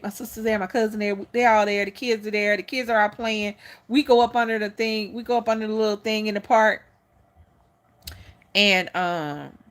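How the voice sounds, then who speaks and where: A woman hosting a livestream, telling a personal story in a candid, animated way and swearing freely. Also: a little high. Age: older for a first pregnancy. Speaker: channel host.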